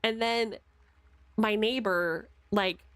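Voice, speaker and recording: A young American woman streaming from her desk at home, chatting loudly and casually with viewers, swearing and laughing easily. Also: medium pitch, fairly even intonation, no room sound. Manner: loud, chatty, swears freely, quick to laugh. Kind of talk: casual livestream chat with viewers. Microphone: streaming mic.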